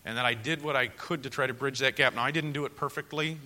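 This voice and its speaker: A man's voice: mid-range voice, fairly even intonation, fast. Earnest man preaching in a reverberant hall. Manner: earnest, storytelling, rises loud for emphasis then drops soft. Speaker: pastor. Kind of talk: sermon to pastors.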